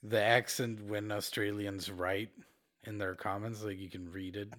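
A man's voice: lowish voice, little pitch movement, measured pace, a bit bright. A young man cohosting a casual podcast chat, teasing, swearing freely and sighing between lines. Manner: crude, teasing, swears often, sighs. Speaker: podcast co-host.

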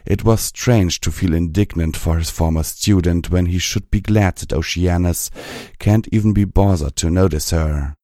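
A man reading fan fiction aloud in a measured, even storytelling manner. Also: sits low, no echo, studio quality. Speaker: audiobook reader.

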